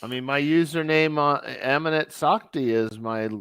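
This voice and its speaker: A man playing a tabletop role-playing game, slow and hesitant, thinking aloud about his moves. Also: on the high side, fairly bright tone, smooth, no room sound. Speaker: player. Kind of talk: tabletop game play over voice chat.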